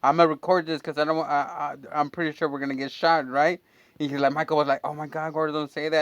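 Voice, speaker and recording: A man's voice: on the high side, little pitch movement, fast talker, fairly bright tone, no room sound. A man telling a long, rambling, profane story from his neighborhood in a casual chat, full of fillers. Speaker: storyteller and channel host.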